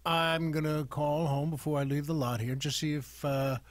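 A man's voice: fairly high pitch, little pitch movement, normal speed, no echo. A man guesting on a podcast, telling a little story that builds to a punchline. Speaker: guest comedian. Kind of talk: casual podcast chat.

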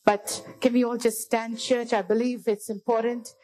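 A woman's voice: on the high side, flat delivery, normal speed, darkish tone, poor audio. A woman preacher delivering a fervent sermon in a church, often calling out to the congregation as church.

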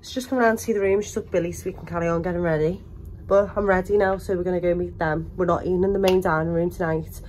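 A woman's voice: lowish voice, fairly even intonation, quick pace, a little mellow. A young woman vlogging on a cruise ship, chatting to camera in a casual, laughing way with plenty of swearing. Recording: noisy background.

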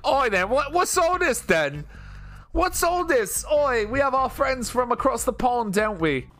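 A blustering mock British gent, as a man puts him on in a high, ringing voice. His put-on British accent is broad and hammy, with lively, swooping pitch. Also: a little slow, full character voice. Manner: hammy, exaggerated.

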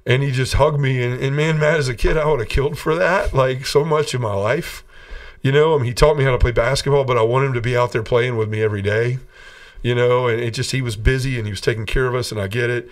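A middle-aged man, a podcast guest, telling his personal testimony in an earnest way, often restarting his sentences and going quiet when he quotes others. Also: mid-range voice, steady tone, quick pace, distant mic.

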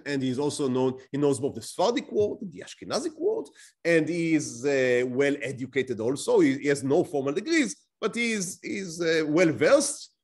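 Male lecturer, fairly high, very lively pitch, asks the class questions as he explains. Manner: explains with rhetorical questions, frequent restarts. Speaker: teacher.

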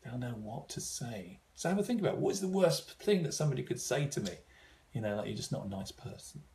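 A man's voice: mid-range voice, big pitch swings, brisk, dark tone, slight background noise. A man giving an informal seminar talk, thoughtful, with frequent fillers and restarts. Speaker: seminar speaker.

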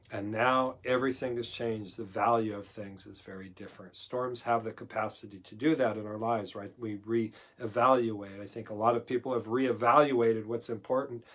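A male pastor giving a conversational verse-by-verse Bible teaching, moving between loud emphasis and quiet asides. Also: medium pitch. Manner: conversational, swings from loud emphasis to near-murmur.

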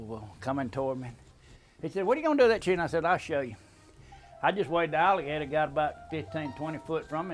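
A man's voice: on the high side, fairly bright tone. An older man telling a family story in a folksy, drawling way, chuckling often. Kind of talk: casual storytelling.

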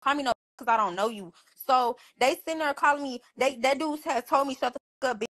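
A high-pitched young woman talks into her phone on a livestream, recounting events in a loose, casual way. She swears freely and jumps into the voices of everyone she quotes. It sounds like she's chatting from her bedroom. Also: brisk. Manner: animated, profane, acts out quoted dialogue. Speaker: livestream host.

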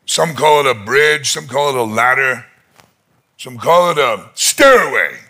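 A man preaching a conference sermon, retelling a story dramatically and acting out its voices, rising to shouts at its peaks. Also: mid-range voice, sing-song, measured pace. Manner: shouts in climactic moments. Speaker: pastor. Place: conference hall.

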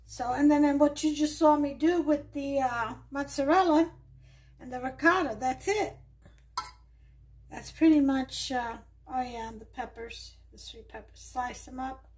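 High-voiced, unhurried woman cooking. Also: fairly even intonation, darkish tone. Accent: mix of Southern US and New York. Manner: chatty, laid-back, narrates while working. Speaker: cooking show host. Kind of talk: casual cooking demonstration. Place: home kitchen.

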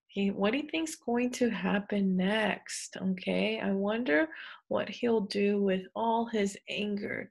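A woman's voice: mid-range voice, a little slow, creaky, a little mellow, husky. A woman teacher talking children through a story, asking questions and explaining the next activity with plenty of "um" and "okay". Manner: questioning, encouraging, with fillers. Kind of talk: online lesson for children.

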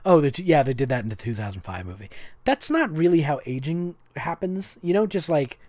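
Comedic reader, sarcastic, mocking asides, very lively pitch, dry close mic. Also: brisk, dry recording. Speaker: comedic reader of fan fiction. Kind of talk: comedic reading with sarcastic commentary.

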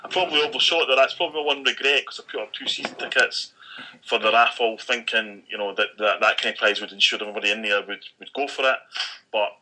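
A Scottish man co-hosting a podcast, casually recounting an event with lively acted-out quotes and frequent swearing. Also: medium pitch, rough recording. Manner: animated storyteller acting out quoted dialogue, frequent swearing. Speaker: podcast co-host. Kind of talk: casual chat, storytelling.

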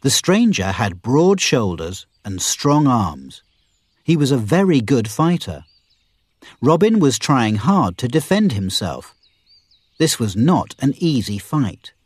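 A man narrating a graded reader in a careful, deliberate way. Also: mid-range voice, sing-song, breathy edge, dry recording. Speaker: audiobook narrator.

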